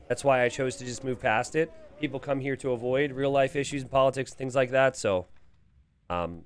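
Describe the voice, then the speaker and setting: A man's voice: medium pitch, a little hiss or hum. A man commentating a strategy game live on stream and reading the chat aloud. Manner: animated, reads viewer chat aloud.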